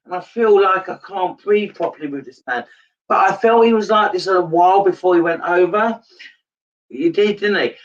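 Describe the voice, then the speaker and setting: A man's voice: high-pitched, moderate pace, far from the mic, muffled recording. A man giving a live psychic reading, earnest and repetitive in his phrasing. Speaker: medium.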